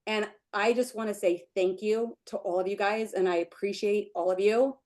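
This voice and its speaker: A woman leading a team meeting on a video call, giving an emotional, gushing motivational pep talk. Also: moderate pace. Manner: gushing, emotional, breaks into high excited chants. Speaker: team leader hosting a sales meeting.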